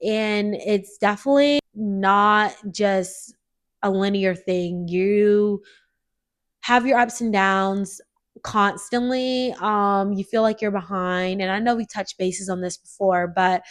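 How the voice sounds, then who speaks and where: A woman's voice: medium pitch, steady tone, slow pace. A woman in her twenties hosting a casual solo podcast, sounding nasal from a cold she is still getting over, chatty and earnest with lots of filler words. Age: 20s. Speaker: podcast host.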